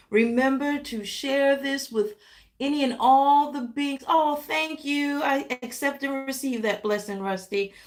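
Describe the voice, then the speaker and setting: A woman hosting a live tarot reading, talking warmly and directly to her viewers with pet names and playful exclamations. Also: sits high. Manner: affectionate, animated, talks directly to viewers. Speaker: tarot reader.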